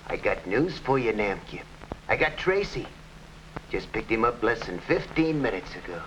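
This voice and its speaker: An actor playing a ruthless, scheming hired killer in an early TV crime drama, talking tough gangster slang. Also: male voice, on the low side, big pitch swings, moderate pace, a bit bright. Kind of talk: 1950s TV crime drama acting. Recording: dull old TV soundtrack with faint hiss.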